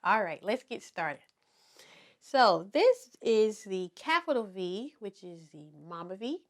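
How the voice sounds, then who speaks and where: A woman teaching toddlers to write letters in a slow, encouraging preschool circle-time manner. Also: medium pitch, big pitch swings. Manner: slow, sing-song and encouraging, speaking to toddlers. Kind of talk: children's circle-time lesson.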